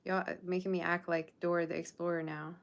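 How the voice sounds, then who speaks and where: This tarot livestream host is a young adult woman who speaks fast in a lowish, creaky voice with little pitch movement. She jokes around casually, teasing her chat with sass.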